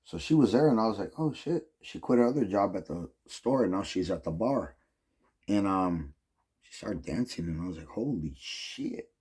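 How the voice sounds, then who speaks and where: Low husky rambling man. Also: expressive, a little fast, darkish tone. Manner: rambling, heavy use of "like" and "um", profane. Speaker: vlogger. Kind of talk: casual rambling storytelling.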